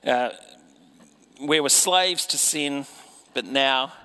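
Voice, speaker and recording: A man's voice: mid-range voice, slow pace, bright, forceful tone, clean tone. A man preaching a sermon in a conversational way, often putting rhetorical questions to his listeners.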